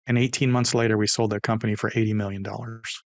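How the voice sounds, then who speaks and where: A middle-aged man, a guest on an interview podcast, telling stories in an energetic, animated way and acting out the dialogue. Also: on the low side, fast talker, no room sound. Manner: energetic, animated storyteller who acts out dialogue. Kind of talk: interview storytelling.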